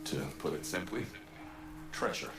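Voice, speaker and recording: A man's voice: moderate pace, close to an everyday voice. An actor playing a desperate spectral man who begs for help finding his lost son, in formal, pleading words. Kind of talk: video game voice acting. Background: game music.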